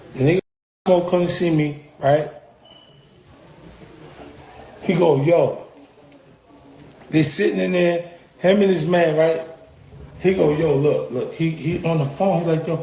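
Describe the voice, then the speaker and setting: Animated man telling a story, echoey room. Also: a little high, moderate pace, long pauses, slight background noise. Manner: profane, animated, acts out quoted voices. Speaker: rapper recalling an encounter. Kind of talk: casual storytelling.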